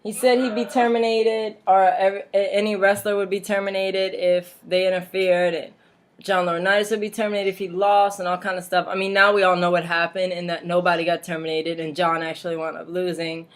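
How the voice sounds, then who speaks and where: A woman's voice: fairly low pitch, level tone, fairly quick. Chatty woman rambling through a recap. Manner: chatty, rambling, laughs often, mocking asides. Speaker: vlog host. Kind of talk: casual wrestling recap vlog. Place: home.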